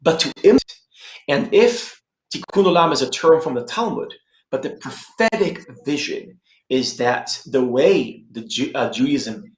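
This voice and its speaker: A man's voice: medium pitch, measured pace. Emphatic Israeli man in an echoey room. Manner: emphatic, lively, repeats points for effect. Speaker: conference speaker. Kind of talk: animated panel discussion. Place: room in Jerusalem.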